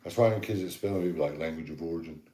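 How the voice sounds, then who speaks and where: A man's voice: low-pitched, fast talker, warm tone, reverberant. A man, co-hosting a casual podcast and telling rambling stories, often slipping into other people's voices. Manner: rambling storyteller, mimics voices. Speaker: podcast co-host. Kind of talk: casual chat.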